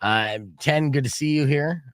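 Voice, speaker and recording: A man's voice: a little slow, no echo, studio quality. A middle-aged man hosting a radio show in casual chat, telling rambling stories full of fillers. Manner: rambling, filler-heavy storytelling with lively swings in pitch. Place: radio studio.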